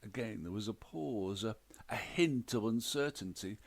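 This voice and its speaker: A man narrating a short story in a measured, dry manner. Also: lowish voice, creaky. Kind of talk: scripted narration.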